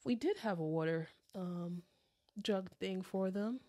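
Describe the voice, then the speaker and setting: A woman's voice: medium pitch, a little slow, mellow. A woman co-hosting a pet podcast in casual chat, rambling with frequent ums and restarts. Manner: chatty, trails off with ums and restarts. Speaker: podcast co-host.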